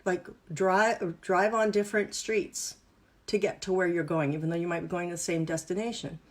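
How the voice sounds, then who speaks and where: A woman's voice: fairly low pitch, steady tone, moderate pace. Brief: woman coach, upbeat and playful, instructive workshop host. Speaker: wellness and business coach. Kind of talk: live online workshop teaching exercises.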